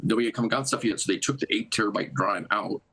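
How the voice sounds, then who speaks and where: A man in a played clip who recounts an account in fast, run-on storytelling. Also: fairly low pitch, a bit bright, slightly rough, poor audio.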